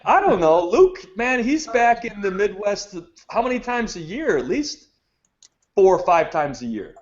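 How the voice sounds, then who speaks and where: A man's voice: sits high, big pitch swings, a little slow. A man with a Chicago accent hosting a podcast in a loose, joking, casual manner. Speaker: podcast host. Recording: dull lo-fi sound.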